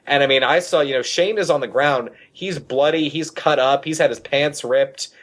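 A man's voice: fairly high pitch, moderate pace, a bit bright. A man, a guest on a talk show, telling a story and often repeating words as he gets going. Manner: repeats words when starting sentences. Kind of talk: animated storytelling.

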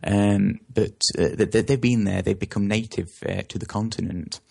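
A man's voice: on the low side, fairly even intonation, normal speed, creaky, dark tone, husky. A man speaking as an interview guest, talking at length and often stopping to correct himself mid-sentence. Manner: rambling, with frequent self-corrections. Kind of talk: conversational interview.

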